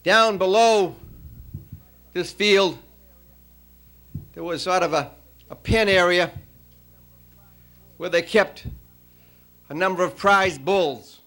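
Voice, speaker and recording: Guy with a high voice doing his farewell dinner speech, tells a long joke, lots of uhs. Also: a bit bright. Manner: storytelling, halting with many uh fillers. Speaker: honoree giving farewell speech.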